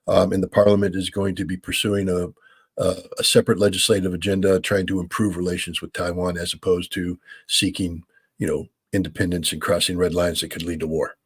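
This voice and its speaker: Husky-voiced American man explaining at length. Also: sits low, flat delivery, a little fast. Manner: many fillers and restarts, explanatory. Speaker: guest analyst, regular of the show. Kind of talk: call-in Q&A commentary.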